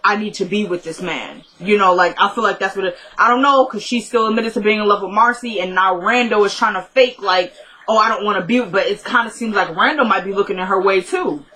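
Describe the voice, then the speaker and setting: Bright-voiced woman chatting casually. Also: mid-range voice, a little fast, few pauses, poor audio. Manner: chatty, fillers like "like" and "he goes"; candid, opinionated asides. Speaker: TV show recapper. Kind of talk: casual recap chat.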